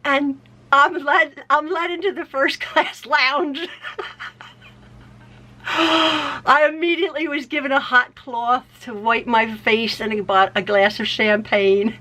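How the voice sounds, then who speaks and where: A woman's voice: high-pitched, steady tone, slow, sharp tone. A middle-aged American woman telling family stories casually, laughing often and restarting her sentences. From United States. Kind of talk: casual storytelling.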